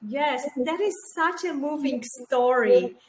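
A woman co-hosting an interview, responding to her guest in an affirming, measured way. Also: high voice, lively intonation, reverberant, rough recording. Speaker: podcast co-host. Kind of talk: interview chat.

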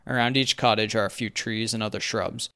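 A young man narrating a first-person story in a wry, even manner. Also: lowish voice, fairly quick, clear, resonant tone.

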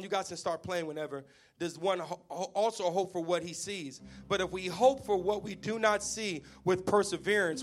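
A man preaching a sermon as pastor, impassioned, at times shouting refrains to the congregation. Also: high-pitched.

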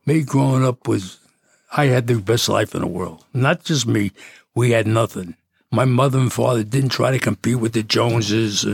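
A man's voice: mid-range voice, moderate pace, creaky, slightly rough, no room sound, clean studio sound. A man in his eighties from City, telling rambling stories as a podcast guest. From Jersey City, New Jersey. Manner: rambling, with frequent restarts and chuckles. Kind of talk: casual storytelling.

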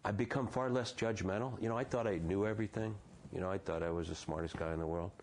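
Gravelly low-voiced man in his sixties. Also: a little mellow, slight background noise. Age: 60s. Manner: halting, restarts and repeats words. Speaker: interview guest. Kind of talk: reflective personal storytelling.

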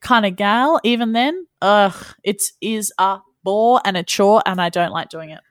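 A bubbly, jokey woman co-hosts a casual podcast, laughing a lot. Her mid-pitched voice sits close and dry on the mic, with no room sound. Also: a little slow, dry recording. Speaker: podcast co-host.

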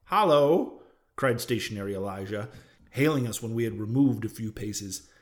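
A man narrating a classic novel as an audiobook, in a measured reading style that drops low on speech tags. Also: a little mellow.

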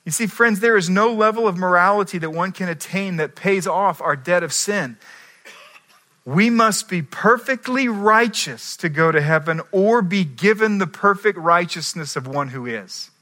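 A man preaching a sermon as pastor, earnest, moving between quiet asides and emphatic climaxes. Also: high voice, expressive, normal speed.

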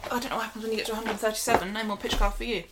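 A woman's voice: fairly high pitch, level tone, rapid-fire, noisy background. A woman co-hosting a casual board game chat, giving friendly recommendations with a light teasing edge. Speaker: board game podcast co-host.

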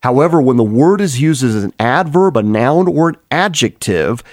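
A man's voice: medium pitch, animated, moderate pace, dry recording, clean studio sound. A man preaching an earnest, explanatory Bible teaching sermon, with frequent restarts as he works through the text.

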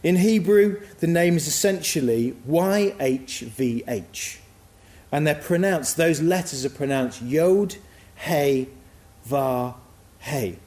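A man's voice: a little high, expressive, a little slow, a little mellow, reverberant. A man giving a sermon in a reflective, musing, conversational way. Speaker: preacher.

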